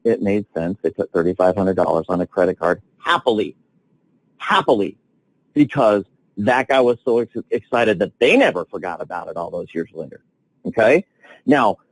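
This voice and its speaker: Excited man coaching on a call. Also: medium pitch, no room sound, low-quality recording. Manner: enthusiastic, animated storytelling with big swings. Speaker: sales closing coach. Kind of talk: conference call sales training.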